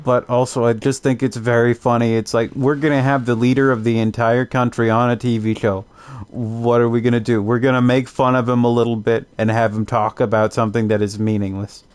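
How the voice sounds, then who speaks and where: A young man, streaming a game and chatting casually. He rambles through loose, self-amused asides and jokes, in a voice of ordinary middle pitch for a man. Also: flat delivery, a little fast, clear, resonant tone. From Canada. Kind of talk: casual commentary while gaming.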